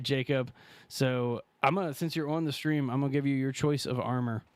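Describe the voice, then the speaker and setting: Male streamer, mid-pitched, loose and chatty, talks to chat between gameplay moments. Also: clear, resonant tone, no room sound. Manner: chatty, thanks viewers and talks to chat while playing. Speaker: streamer playing a survival game. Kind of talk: casual live-stream commentary.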